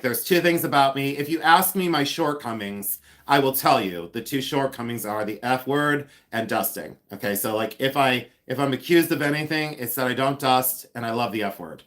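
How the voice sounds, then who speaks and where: A man's voice: medium pitch, normal speed, hardly any pauses, a bit bright. A man hosting a casual livestream from his home, chatty and scattered, with lots of fillers and apologies. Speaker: livestream host, reseller. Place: home, often moving around the house.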